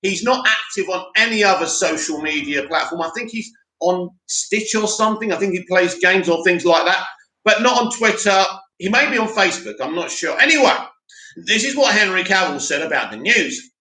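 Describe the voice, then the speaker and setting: A man with a high, very bright, forceful voice hosts a live stream, chatting animatedly and reading out viewer comments. His voice rings in an echoey room. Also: expressive, moderate pace. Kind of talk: casual live-stream chat. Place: home studio in Cyprus.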